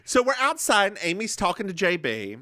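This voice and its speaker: A man co-hosts a podcast with a bright, fairly high voice that swings widely in pitch. He recaps a TV episode in casual chat with animated, theatrical storytelling, recorded close and dry. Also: fairly quick, dry recording. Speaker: podcast co-host.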